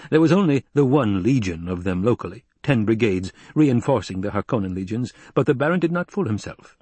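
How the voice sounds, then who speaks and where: A man narrating an audiobook in a measured, steady way. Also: medium pitch, husky, no echo.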